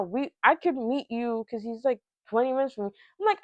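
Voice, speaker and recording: A young woman telling a dating story in a casual vlog, sassy and animated as she acts out both sides of the conversation. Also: a little high, normal speed, dry recording, muffled recording. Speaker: storytelling vlogger.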